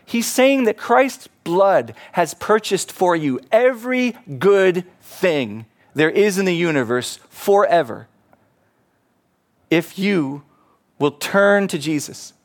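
A man preaching a sermon as pastor, animated, acting out quoted voices and laughing at himself. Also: high voice, slow pace.

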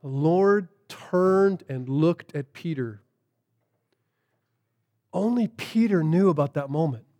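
A man preaching a sermon as a pastor, shifting from lively storytelling to hushed, earnest emphasis. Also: fairly high pitch, slow, pauses often.

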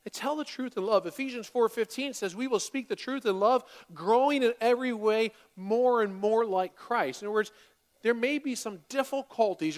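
A high, bright-pitched woman in her forties delivers a sermon from the front of a church. She preaches with animated energy, sliding from hushed asides to loud, dramatic bursts as she acts out everyday scenes. Her voice sits notably high for its register. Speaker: pastor. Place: church hall with congregation.

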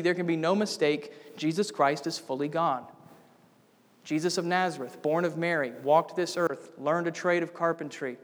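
A man preaching a sermon as pastor, building to bold, emphatic declarations. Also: on the high side. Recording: long reverb of a church hall.

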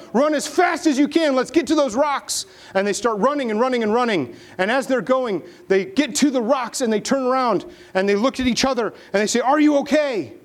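A man preaching a sermon, dramatically retelling a Bible story and acting out the characters as he goes. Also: high voice. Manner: animated, dramatic retelling with acted voices.

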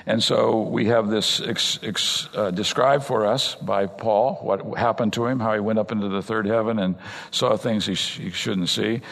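A man's voice: steady tone, normal speed, vocal fry, a bit bright. Older man preaching in a reverberant hall. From California. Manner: conversational preaching, rising to emphatic points then dropping low. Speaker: pastor. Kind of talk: sermon. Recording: long reverb of a large hall.

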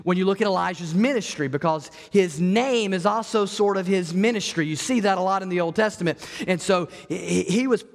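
A man preaching a sermon as pastor, telling the story in an animated way and acting out the voices. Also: high-pitched, brisk, gravelly, few pauses, long reverb tail.

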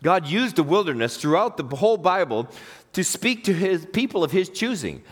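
A man preaching a sermon, his fairly high voice rising and falling with animated emphasis. He reads scripture aloud and puts questions to the congregation. His voice rings out with the long reverb of a large hall. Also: moderate pace, slightly rough. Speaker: pastor.

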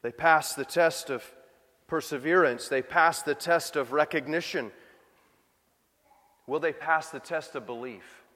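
Male pastor, high pitch, conversational sermon delivery with rhetorical questions, long hall reverb. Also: unhurried, pauses often, sharp tone.

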